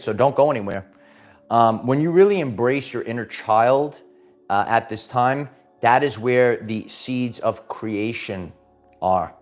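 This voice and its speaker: A man hosting a casual livestream pep talk, rambling and upbeat, motivating viewers and reading out their comments. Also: medium pitch. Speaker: host.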